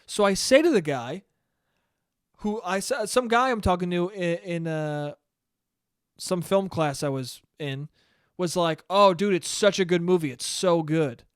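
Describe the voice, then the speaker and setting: Young man, solo podcast host, high voice, ranting, swearing, animated storytelling, dry sound. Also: measured pace, clean tone, no echo. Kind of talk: solo casual monologue.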